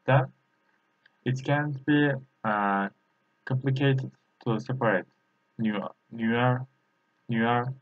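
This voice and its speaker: A man with a Turkish accent, a native Turkish speaker, teaching a lesson in a halting way, pausing often and repeating practice syllables. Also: medium pitch. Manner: halting, with frequent filler pauses and repeated drill syllables. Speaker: language teacher. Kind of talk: explaining a lesson. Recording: tinny, phone-like lo-fi sound.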